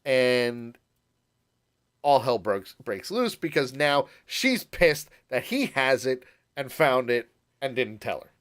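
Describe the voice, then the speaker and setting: A man co-hosting a casual podcast, recapping an episode in an animated way, laughing and slipping into voices for quotes. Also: mid-range voice, takes it slowly, smooth. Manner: animated, laughing, puts on voices when quoting. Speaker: podcast co-host.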